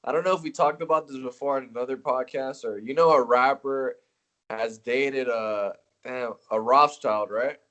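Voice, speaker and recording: A man's voice: mid-range voice, normal speed, fairly bright tone. Laid-back man, swearing casually. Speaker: podcast guest. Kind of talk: casual chat.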